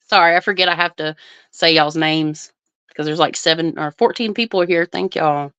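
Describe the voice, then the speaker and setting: A woman's voice: low-pitched, steady tone, fairly quick, fairly bright tone, smooth, no room sound. A woman hosting an astrology livestream, chatting casually and thinking aloud while she answers viewer comments.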